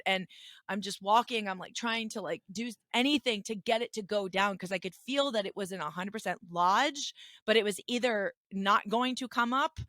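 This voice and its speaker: A woman co-hosting a casual podcast chat, telling a story in an animated, chatty way with lots of restarts. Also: mid-range voice, dry recording. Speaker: podcast co-host.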